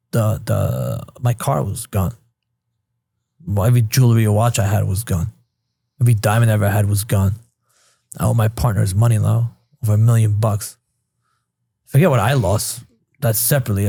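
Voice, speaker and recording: A man from Queens in his thirties speaks in a low, mellow and slightly husky voice. He talks bluntly, swears often and replays old conversations line by line. The sound is close and dry, with no room around it. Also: a little fast, long pauses, dry recording. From Queens, New York. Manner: blunt, swears freely, retells scenes with quoted dialogue. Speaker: podcast guest. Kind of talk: candid casual storytelling.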